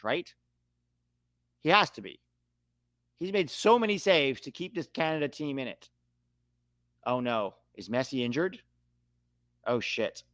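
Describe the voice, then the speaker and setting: A man hosting a live match watch-along, calling the play with excitable outbursts. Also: medium pitch, dry recording. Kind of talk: live match reaction commentary.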